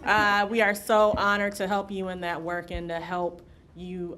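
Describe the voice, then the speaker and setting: A woman's voice: on the low side, completely flat delivery, a little slow, over a noisy crowd, very noisy. A woman who represents an organization, making casual, heartfelt remarks in an event hall. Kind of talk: presenting remarks.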